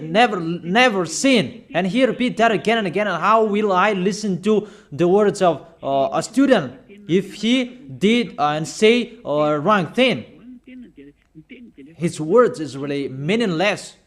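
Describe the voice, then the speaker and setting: This man's high-pitched, animated voice carries a sermon full of emphatic admonishment. He uses slow, measured phrasing, pauses and rhetorical questions.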